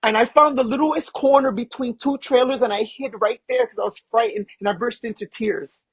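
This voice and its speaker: A man being interviewed as a guest, a film producer telling animated personal stories and acting out what people said. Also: extremely high pitch, a little fast, slightly rough, no echo, rough recording. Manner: animated storyteller who acts out quotes. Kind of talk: casual interview storytelling.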